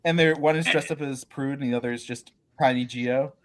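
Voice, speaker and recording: A man's voice: medium pitch, steady tone, brisk. Laid-back man over crowd noise. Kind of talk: casual chat.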